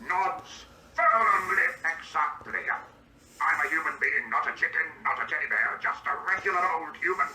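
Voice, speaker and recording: With a fairly high pitch and a bright, forceful tone, a synthetic male voice acts out an indignant grown man who is easily baffled. It reads its stage directions before each line, expressive but evenly paced at a moderate speed. The sound is echoey and distant, with a faint hiss in the background.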